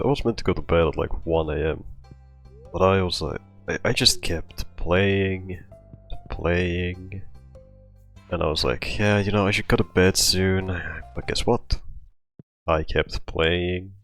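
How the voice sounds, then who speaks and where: Breathless deep-voiced man rambling slowly. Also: a bit bright, soft background music. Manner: rambling, with many restarts and fillers. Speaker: storytime vlogger. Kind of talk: casual storytelling.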